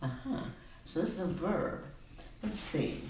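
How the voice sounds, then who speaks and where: A woman's voice: on the low side, animated, measured pace, darkish tone. A woman tutoring reading and spelling one-on-one, patiently explaining step by step. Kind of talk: one-on-one phonics lesson. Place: room with a whiteboard. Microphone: laptop camera on a table. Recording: very echoey room, from far off.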